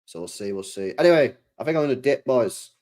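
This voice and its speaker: A man's voice: mid-range voice, animated, fast, darkish tone. A young man chatting casually to viewers on a live stream, slangy and full of restarts.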